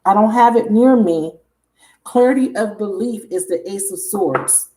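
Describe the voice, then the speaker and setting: Woman tarot reader, casual to camera, excitable and foul-mouthed, speaking in a mid-range voice. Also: medium pitch, measured pace. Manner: excitable, emphatic, swears freely, addresses viewers directly.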